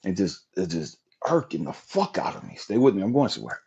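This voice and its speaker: A man's voice: low voice, very animated, brisk, gravelly, a little mellow, breathy edge, lo-fi sound. A man hosting a livestream, telling an emotional personal testimony in a raw, profane storytelling manner. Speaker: livestream host.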